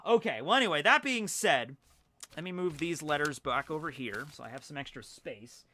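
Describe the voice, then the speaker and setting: A man's voice: fairly high pitch, expressive, normal speed, bright, forceful tone, slight background noise. A young man chatting loosely from home on a livestream, rambling with lots of fillers as he goes through fan mail. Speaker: streamer reading fan mail. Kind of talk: casual livestream chat.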